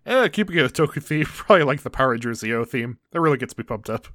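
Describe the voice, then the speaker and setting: A man's voice: medium pitch, lively intonation, fast, a bit bright, no echo. Wry chill guy recapping a show, mid voice, super dry close mic. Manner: wry, laid-back narrating. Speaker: podcast co-host. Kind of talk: casual recap chat.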